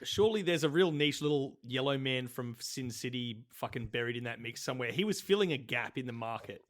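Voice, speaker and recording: A man's voice: medium pitch, animated, fairly quick. A man co-hosting a comedy podcast, crude, swearing and full of enthusiasm. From Australia. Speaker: podcast co-host. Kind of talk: casual comedy chat.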